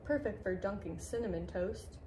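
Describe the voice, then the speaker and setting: A woman voicing a cheerful, sensible young female groundhog who talks in a brisk, slightly scolding way. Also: medium pitch, expressive, mellow, roomy sound, slight background noise, close to an everyday voice, poor audio. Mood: kindly.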